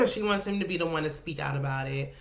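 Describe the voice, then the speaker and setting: A woman hosting a casual, opinionated reality TV recap, clearing her throat and coughing now and then. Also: low voice, lively intonation, fairly quick. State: coughing, with a lozenge in her mouth. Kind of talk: casual chat. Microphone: solo recording setup.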